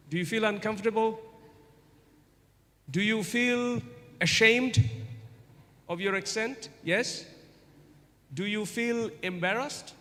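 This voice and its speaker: A man's voice: high-pitched, a bit bright. A man giving an informal guest lecture to university students, coaxing answers with repeated questions. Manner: interactive, keeps asking the audience questions; slow, deliberate delivery with repetitions. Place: large university hall. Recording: long hall reverb.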